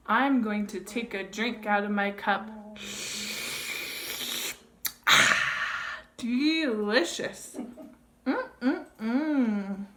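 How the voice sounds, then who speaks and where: Slow, sing-song woman reading to toddlers. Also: fairly high pitch, noisy background. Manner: slow, exaggerated and sing-song, with gasps and sound effects. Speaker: early childhood educator. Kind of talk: reading a board book aloud to toddlers; explaining tips to parents.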